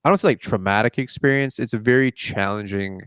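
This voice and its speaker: Animated young man telling a story. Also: on the low side, fairly quick, clear, resonant tone, no room sound, clean studio sound. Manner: animated storyteller, acts out dialogue, says "like" often. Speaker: podcast host. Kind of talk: casual chat.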